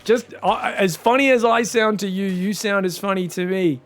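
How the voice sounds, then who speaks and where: Excitable man casting games. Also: high-pitched, moderate pace, faint music behind. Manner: chatty, joking, excitable asides. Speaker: esports caster. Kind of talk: solo game commentary.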